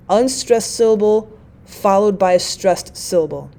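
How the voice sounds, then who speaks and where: Lady teacher explaining step by step, warm mellow voice. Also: mid-range voice, lively intonation. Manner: methodical, reads examples slowly. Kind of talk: explanatory lecture.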